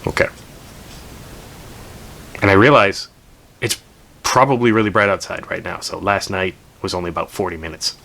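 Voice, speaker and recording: A man casually telling a folk story out loud, rambling with asides and the odd curse word. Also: low voice, moderate pace, creaky, pauses often.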